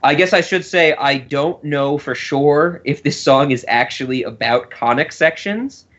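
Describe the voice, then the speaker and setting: A man's voice: a little high, a little slow, fairly bright tone, dull audio. A man co-hosting a casual podcast, rambling and laughing often as he talks. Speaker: podcast co-host.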